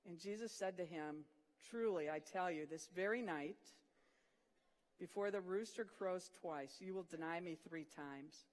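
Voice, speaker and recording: An earnest preacher delivers a sermon at a mid-range pitch, retelling scripture stories with vivid storytelling and sudden hushed moments for emphasis. The voice rings with the long reverb of a large hall. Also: normal speed.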